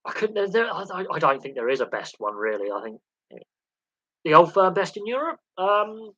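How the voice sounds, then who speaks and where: A man chats casually on a sports livestream, opinionated and quick to jump between examples. His voice is bright and forceful. The sound is close and dry, with a slightly dull, lo-fi tone. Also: high-pitched, big pitch swings, no echo. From England.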